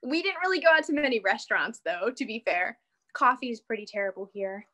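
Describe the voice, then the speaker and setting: A young dancer from the US, guesting on a video-call interview, talks briskly in a fairly high, pushed, bright voice with lively intonation. Her chat is casual, full of laughter and plenty of "like" and "you know."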